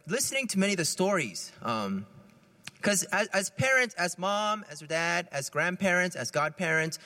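A male priest giving a homily in a relaxed, conversational way and often laughing. His voice sits high and moves a lot, with a bright, forceful tone. Long reverb fills the church around him.

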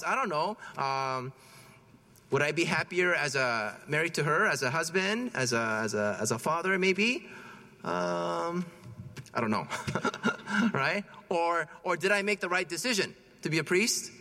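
A man's voice: fairly high pitch, lively intonation, measured pace, bright, forceful tone. A man in his thirties, a parish priest giving a conversational homily, telling a personal story and often checking in with "right?". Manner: chatty storytelling, often asks "right?", chuckles at himself. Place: church. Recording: long church reverb.

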